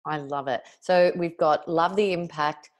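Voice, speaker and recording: A woman with a notably deep voice is hosting a podcast conversation. She affirms her guest and sums up his points in her own words. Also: steady tone, a little slow. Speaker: podcast host.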